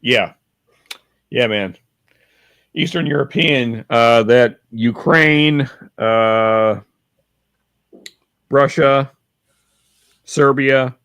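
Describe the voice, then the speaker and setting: A man co-hosting a podcast in casual chat, rambling and halting with many restarts, reading viewer chat aloud. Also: medium pitch, fairly bright tone, clean tone, dry recording. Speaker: podcast co-host.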